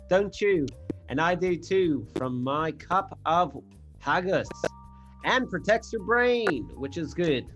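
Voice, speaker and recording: A man voicing a sultry male ad pitchman in a put-on, hammy Scottish accent, reading a mock advertisement for laughs. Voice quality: deliberately seductive, hammy delivery.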